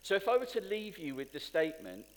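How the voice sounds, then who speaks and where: A man's voice: high voice, quick pace. A man preaching a sermon to a congregation, asking them questions and building to emphatic points. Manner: animated, rising to emphatic peaks, asks the congregation questions. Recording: long hall reverb.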